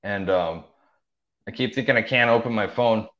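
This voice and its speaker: A man's voice: fairly low pitch, normal speed. A young man telling his story in a casual, rambling way, full of fillers and restarts. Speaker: interview guest. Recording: dull lo-fi audio.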